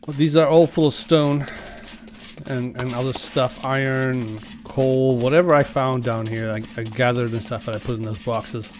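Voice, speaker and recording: A man's voice: mid-range voice, steady tone, normal speed, a little mellow. Chatty man narrating his gameplay. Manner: chatty, talks to game characters. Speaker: let's play host. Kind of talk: casual gameplay commentary.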